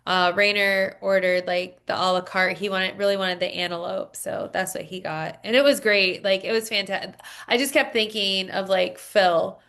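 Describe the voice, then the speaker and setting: A woman co-hosting a casual podcast, rambling through a story in relaxed chat. She leans on fillers and asides as she talks. Her pitch sits in the middle. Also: normal speed. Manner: chatty storytelling with many fillers. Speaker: podcast co-host.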